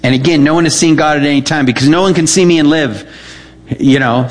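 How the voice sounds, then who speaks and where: A man preaching as a pastor, teaching verse by verse, emphatic and full of questions to the audience. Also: fairly quick. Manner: emphatic, rises in pitch when reading scripture aloud; repeats words and asks the audience questions. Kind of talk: expository Bible teaching.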